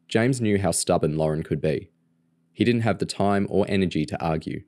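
A man reading a novel aloud in a steady, plain storytelling manner. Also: low voice, moderate pace, no echo. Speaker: audiobook reader. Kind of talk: reading a novel aloud, doing character voices.

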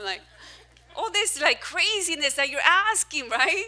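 A woman pastor preaching a sermon in a church, animated and self-mocking, swinging between loud and soft. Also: high-pitched, a little slow. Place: church hall, preaching to a small crowd.

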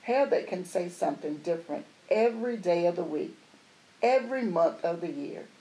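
A woman's voice: lowish voice, lively intonation, normal speed, natural voice, rough recording. A woman as a coaxing motherly woman. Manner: coaxing, gently teasing. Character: patient, coaxing grown-up woman braiding hair.

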